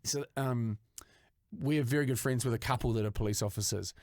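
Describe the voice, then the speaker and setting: A man's voice: medium pitch, brisk, no echo, clean studio sound. Sweary New Zealand storyteller man. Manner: animated, acts out voices in stories, swears freely. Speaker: podcast co-host. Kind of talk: casual storytelling chat.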